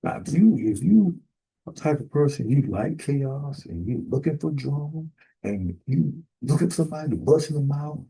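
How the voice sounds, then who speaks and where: A man ministering in a sermon, emphatic and building to sudden forceful bursts. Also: a little high, expressive, brisk, creaky, slightly rough, rough recording. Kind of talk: preaching sermon.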